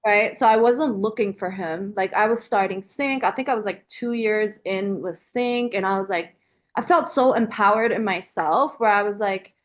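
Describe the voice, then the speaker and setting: A woman's voice: medium pitch, normal speed. A woman guest on a podcast, talking casually and animatedly with lots of filler words. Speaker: podcast guest, business founder. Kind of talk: casual conversational interview.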